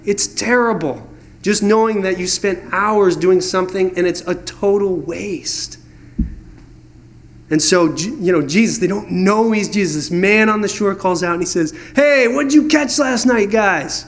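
A man's voice: high-pitched, normal speed. A man preaching a sermon, reading verses and telling stories, acting out voices in the dialogue. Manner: storytelling, animated, acts out voices in dialogue. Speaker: pastor.

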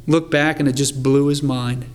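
A man's voice: medium pitch, steady tone, moderate pace, clear, resonant tone. A man preaching a sermon in an earnest, conversational way, reading scripture aloud with emphasis. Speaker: pastor.

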